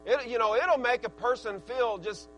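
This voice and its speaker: High-voiced earnest man preaching. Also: moderate pace, a little hiss or hum, low-quality recording. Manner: folksy and earnest, with swings of loudness. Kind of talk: sermon.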